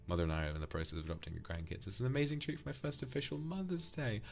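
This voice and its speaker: A man's voice: lowish voice, fairly even intonation, racing, gravelly. A man from the UK, streaming and casually thanking viewers for donations, affectionately calling them darling. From United Kingdom.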